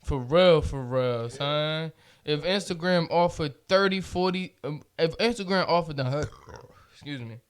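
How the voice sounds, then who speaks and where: Podcast host dude, kinda high smooth voice, cussing a lot, laid back slang. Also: male voice, unhurried. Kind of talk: casual chat.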